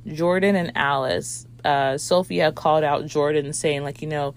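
A woman's voice: low voice, fairly even intonation, unhurried, few pauses. A woman reviewing a movie in a rambling casual chat, with lots of fillers and swearing.

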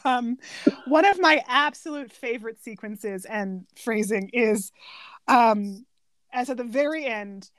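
Brief: chatty woman co-host, high voice, eager storyteller, very dry close sound. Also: animated, takes it slowly, fairly bright tone, no echo. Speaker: podcast co-host. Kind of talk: casual chat about a film.

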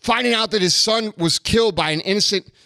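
A man in his thirties vents on his podcast in a blunt, heavily profane rant, frustrated and fired up. His voice sits high for a man. The sound is close and dry. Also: brisk, pushed and bright, no echo. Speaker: podcast host. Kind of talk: casual ranting talk.

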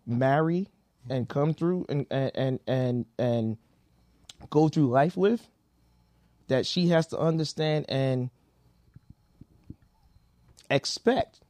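Animated podcast man, dry close sound. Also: fairly high pitch, no echo. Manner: animated, repeats himself, drawn-out stresses. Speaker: podcast co-host. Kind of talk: casual chat.

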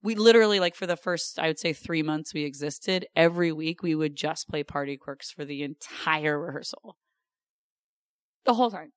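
A woman's voice: deep voice, normal speed, smooth, dry recording, clean studio sound. A woman in her thirties, a podcast guest chatting casually with a wry, self-deprecating humor. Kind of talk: casual chat.

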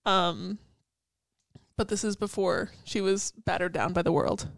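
A woman's voice: lowish voice, a little slow, creaky, no room sound. A young woman co-hosting a casual chat, picking apart song lyrics in a chatty way full of "like" and the odd swear. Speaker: co-host.

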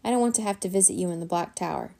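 A woman voicing a cheerful, bossy little male pet bat with a squeaky, coaxing manner. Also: racing, creaky, dark tone. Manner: encouraging, coaxing.

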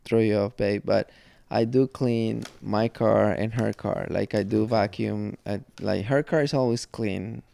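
A man's voice: lowish voice, fairly even intonation, measured pace, gravelly, dark tone, no echo. A man on a podcast, telling a story in a rambling, circling way full of restarts, close to a studio microphone. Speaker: podcast co-host. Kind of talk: casual storytelling chat.

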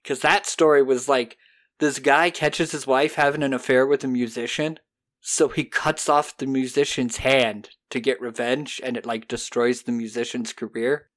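A podcast host casually recapping an episode, animated and profane, dropping into quick character voices. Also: mid-range voice.

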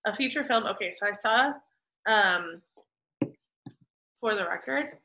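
Woman co-host with a bright, sharp tone; lively storyteller in casual chat. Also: mid-range voice, a little slow, poor audio. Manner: animated storyteller, fond of acting out voices. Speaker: podcast co-host.

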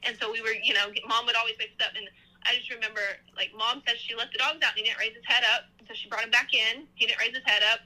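A woman's voice: on the high side, fairly even intonation, quick pace, bright, forceful tone, rough recording. A woman in her thirties, a podcast guest, telling a personal story in a casual, rambling way with many restarts.

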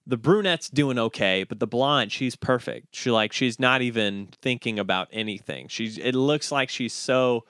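A man hosting a podcast, telling jokes in an animated, chuckling way and often repeating himself. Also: medium pitch, moderate pace, hardly any pauses, no echo, studio quality. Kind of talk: casual joke-telling chat.

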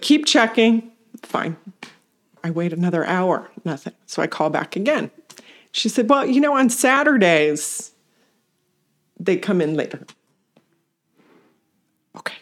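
A woman telling a personal story to a meditation community, animated, acting out what others said and laughing along the way. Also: on the low side, a little slow, pauses often. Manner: animated retelling with acted-out quotes and laughs. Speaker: community member sharing practice.

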